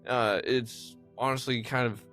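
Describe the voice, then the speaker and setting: A man hosting a casual interview podcast, relaxed and affirming, chuckling often. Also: mid-range voice, unhurried, soft background music. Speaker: podcast host.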